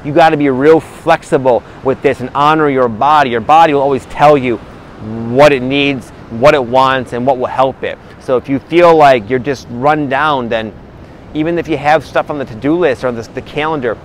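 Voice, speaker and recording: A man giving a casual spiritual talk to his viewers, relaxed and rambling, with many fillers and restarts. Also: medium pitch, normal speed, slight background noise, poor audio. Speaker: spiritual vlogger.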